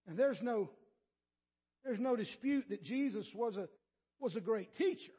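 Animated but unhurried, with long pauses, a pastor's strikingly high, raspy voice carries his sermon as he repeats himself to build an argument. He addresses congregants by name and moves from near-whispers to loud, emphatic declarations. The audio is muffled and lo-fi.

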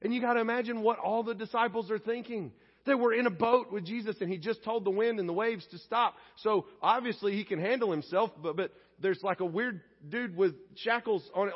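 Animated, husky-voiced male pastor. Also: sits high, a little fast. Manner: animated and conversational, dropping to a hushed tone. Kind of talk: sermon. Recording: echoey hall, dull lo-fi sound.

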